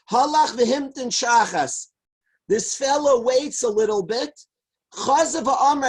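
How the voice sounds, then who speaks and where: A man, a rabbi, telling a Talmud story as a lively lecture. He quotes each line in Hebrew and Aramaic and then translates it. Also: extremely high pitch, slightly rough, rough recording. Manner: lively storyteller who shouts out the characters' lines. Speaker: rabbi teaching a Talmud class. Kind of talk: animated Torah lecture storytelling.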